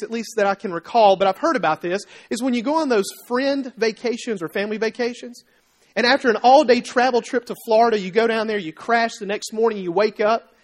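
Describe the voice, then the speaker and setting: A man preaching a sermon as pastor, telling everyday stories in a lively way, acting out the voices of people in them and asking his listeners questions. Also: very high voice. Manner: animated storytelling, acting out quoted voices; conversational, asks the congregation questions.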